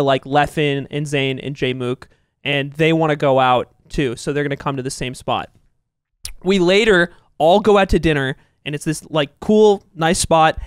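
A young man co-hosting a podcast, telling a long story in animated casual chat, swearing and laughing as he goes. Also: fairly high pitch, clean tone, dry recording, studio quality. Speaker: podcast co-host.

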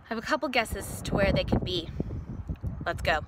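A young woman teaching kindergarten, singing and talking in an animated, exaggerated way with gasps and cheers. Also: mid-range voice, a little fast, very noisy. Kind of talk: sing-song lesson for young children. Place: outdoors on a farm.

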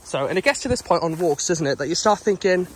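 Man vlogging outdoors, rambly, winded, slightly higher voice, phone camera. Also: animated, fast, a little hiss or hum. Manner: rambling, chatty, talking while jogging. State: out of breath. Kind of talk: casual vlog chat. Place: outdoors on a dog walk.

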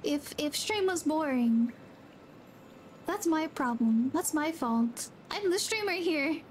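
Playing a game on stream, a woman muses out loud in easygoing, unhurried chat, her high voice lively in intonation despite a slightly drowsy, yawny feel. A faint hiss or hum sits under the recording.

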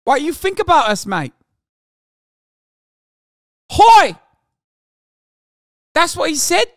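A rowdy, belligerent New Zealand bloke with a thick mock Kiwi accent, as a man puts him on. He shouts the same taunting questions again and again, high-pitched and loud. The voice sits close and dry against the mic. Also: very animated, slow pace, no echo, exaggerated voice.

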